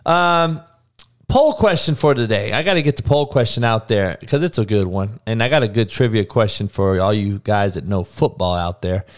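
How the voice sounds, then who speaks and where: A man's voice: on the low side, normal speed. A man hosting a live podcast, ranting bluntly with constant profanity, repeating lines for emphasis and calling out listeners by name. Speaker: podcast host.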